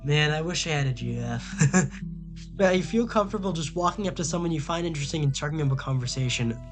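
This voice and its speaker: Over music, a young man speaks quickly in a slightly high voice while streaming casually. He reads quiz questions aloud and answers them in a flustered, rambling way, often stammering and repeating himself.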